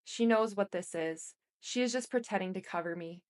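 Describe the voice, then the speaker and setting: A woman's voice: mid-range voice, normal speed, close to an everyday voice. A woman reading aloud the lines of a controlling grown man speaking on the phone, in a curt, defensive way close to her own voice.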